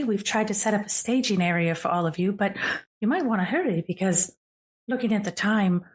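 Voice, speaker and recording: A woman's voice: mid-range voice, husky, lightly acted. A woman voicing a glamorous, unsettling woman who speaks in a honeyed tone and calls everyone darling.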